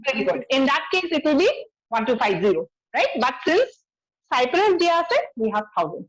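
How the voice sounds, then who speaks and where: The recording is rough, but you can hear a female biology teacher with an Assamese accent moving quickly through her lecture. Her high voice swings widely in pitch as she mixes English and Assamese and often asks students to check their answers.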